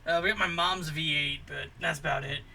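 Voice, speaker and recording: A man voicing a slacker young guy who lives at his mom's house, relaxed and full of hesitant fillers. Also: fairly high pitch, a little fast, vocal fry, slight background noise, full character voice. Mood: easygoing. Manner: laid-back, hesitant with fillers.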